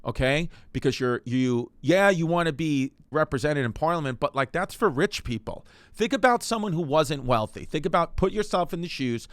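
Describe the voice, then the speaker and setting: Smooth-voiced joking man telling history. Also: on the high side, animated, moderate pace, few pauses, no room sound. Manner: joking, rambling, talks straight to listeners. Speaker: comedic history podcast host. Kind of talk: casual comedic storytelling.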